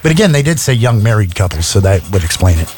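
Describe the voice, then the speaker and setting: A man's voice: fairly low pitch, big pitch swings, quick pace, music in the background. A man hosting a radio show, chatting casually and joking with many filler words. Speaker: radio host. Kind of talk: casual on-air chat. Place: radio studio.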